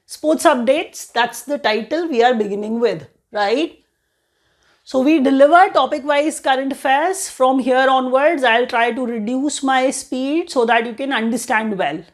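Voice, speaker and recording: A woman's voice: high-pitched, unhurried. A woman with an Indian English accent teaching an exam-prep current affairs lesson in a chatty way, often saying "you know".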